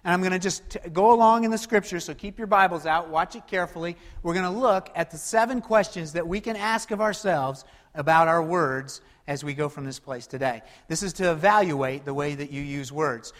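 High-voiced preacher in a reverberant hall. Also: male voice, a little fast. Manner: preaching with wide swings from loud to hushed. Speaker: pastor. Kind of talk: sermon.

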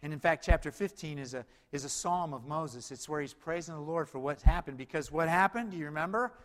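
A man preaching a sermon, swinging between loud, urgent stretches and low, quiet emphasis. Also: brisk. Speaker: pastor. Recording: long hall reverb.

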